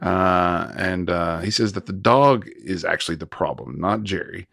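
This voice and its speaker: A man in his thirties co-hosting a casual film review chat, recapping scenes with quick asides and frequent laughs. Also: sits low, creaky, fairly bright tone, no echo, studio quality. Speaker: podcast co-host.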